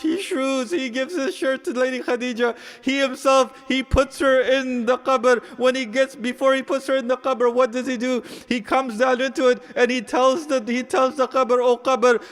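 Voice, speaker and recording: Impassioned high-voiced man preaching. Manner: impassioned, narrates with quoted dialogue. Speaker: speaker at a mourning gathering. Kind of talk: mourning sermon with recited salutations.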